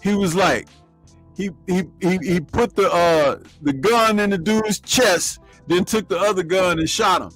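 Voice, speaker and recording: Male co-host, high voice, slow delivery, animated scene retellings, light music bed. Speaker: podcast co-host. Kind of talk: casual film chat.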